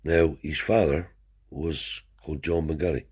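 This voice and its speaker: A man's voice: a bass voice, fairly even intonation, a little slow, a little mellow, breathy edge. An older man, a Romany traveller telling rambling stories in broad dialect, peppered with swearing and "see?". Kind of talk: rambling oral storytelling.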